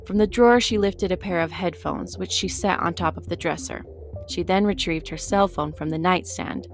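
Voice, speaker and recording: A woman narrating a story audiobook at a steady storytelling pace. Her voice sits slightly low, and soft music plays faintly behind her. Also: normal speed.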